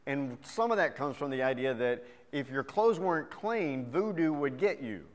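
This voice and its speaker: A middle-aged male pastor preaching a sermon. His voice sits at an ordinary pitch and carries a long reverb, as if heard in a large hall. He moves between lively joke-telling and a quieter teaching tone. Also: moderate pace. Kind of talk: sermon with scripture reading and jokes.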